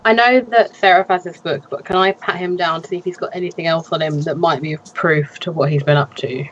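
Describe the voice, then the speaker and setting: High-voiced polite player man. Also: steady tone, fairly quick, a bit bright, lo-fi sound. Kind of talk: casual tabletop play.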